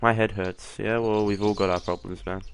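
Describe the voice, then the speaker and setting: This let's-play gamer, a young man with a steady, lowish voice, talks at a moderate pace over slight background noise. He curses casually through a horror game, reading its dialogue out loud and ribbing the characters with sarcasm.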